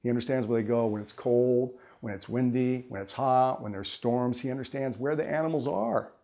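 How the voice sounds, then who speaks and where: A man voicing a wise older male chief who speaks calmly and softly. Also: medium pitch, moderate pace, pitched below the performer's own voice, lightly acted.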